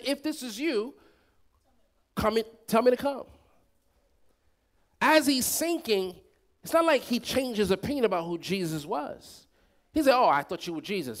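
Preacher, male, high-pitched, delivering a call-and-response sermon with sharp swings in volume.

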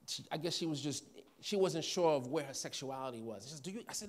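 A man's voice: on the high side, expressive, fast talker. A man preaching a sermon, telling stories, acting out voices and laughing often. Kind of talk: sermon with storytelling.

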